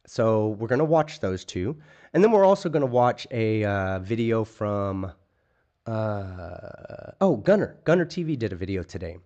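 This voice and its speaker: A man's voice: lowish voice, a little mellow, dull audio. A man hosting a late-night livestream, chatting casually and ranting with lots of profanity. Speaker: streamer host.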